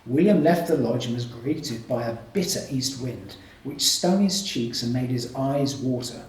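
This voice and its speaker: A male author reading a ghost story aloud at a live event, measured in the narration and chatty with fillers in his asides. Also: mid-range voice, a little mellow, recorded from a distance. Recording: echoey room, mic from afar.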